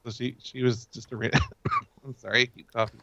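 A man making deadpan prank calls and chatting casually, halting with fillers as he talks. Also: mid-range voice, heavy background noise. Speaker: prank-calling co-host. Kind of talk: prank call and casual chat. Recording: dull dry sound.

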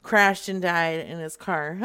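A woman's voice: lowish voice, very animated, slow, sharp tone, smooth. Brash teasing woman prank caller. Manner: teasing, brash, laughing often. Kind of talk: prank phone call.

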